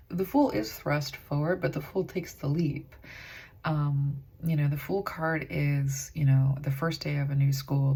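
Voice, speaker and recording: Gravelly, husky-voiced woman tarot reader. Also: sits low, dark tone. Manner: rambling, filler-heavy, earnest. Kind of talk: spoken tarot reading.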